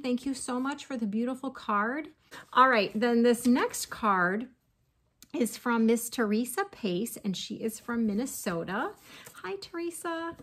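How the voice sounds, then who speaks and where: A middle-aged woman vlogger chatting casually to camera while opening fan mail, gushing and laughing often. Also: medium pitch.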